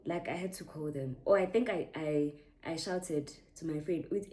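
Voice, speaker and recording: A woman's voice: sits low, normal speed. South African woman telling a storytime. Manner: animated, mixing Zulu slang into English. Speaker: YouTuber. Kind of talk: storytime vlog.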